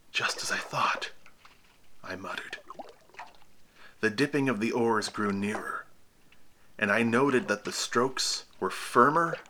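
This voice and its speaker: Male audiobook horror narrator, deliberate and unhurried, lowish pitch. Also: bright, forceful tone, slight background noise. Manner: slow, measured storytelling.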